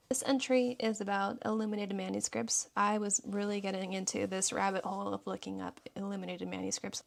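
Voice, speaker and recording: A woman with a gravelly, creaky edge to her voice flips through her journal. She talks about each page in a relaxed, thoughtful way and stops now and then to read a quote aloud. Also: medium pitch. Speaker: journaling YouTuber. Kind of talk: casual journal flip-through narration.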